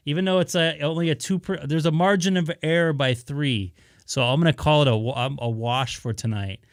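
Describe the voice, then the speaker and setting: A man from Southern California chats casually with viewers on his amateur radio live stream, rambling easygoingly with lots of fillers. His voice is a little high and fairly quick, recorded with clean studio sound and no echo.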